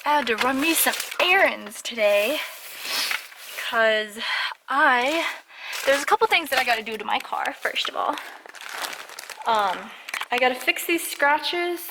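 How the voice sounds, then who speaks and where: Chatty young woman vlogging, high voice. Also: expressive, a little slow, pauses often, noisy background. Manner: rambling, chatty, many fillers. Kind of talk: casual vlog chat. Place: home and garage.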